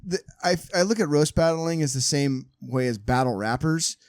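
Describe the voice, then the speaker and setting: A man's voice: fairly high pitch, lively intonation, normal speed, a little mellow, no echo, studio quality. A man who is a guest on a podcast, talking casually in a rambling way, with many restarts.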